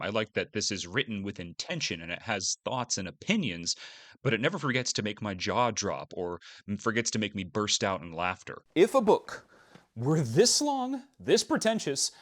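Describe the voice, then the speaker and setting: A young man hosting a casual book-review video, speaking in a wry, self-deprecating and expressive way. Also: lowish voice.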